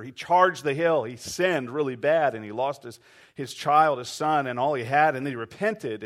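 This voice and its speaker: A man preaching a sermon, acting out quoted voices and asking the congregation to respond. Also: a little high. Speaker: pastor.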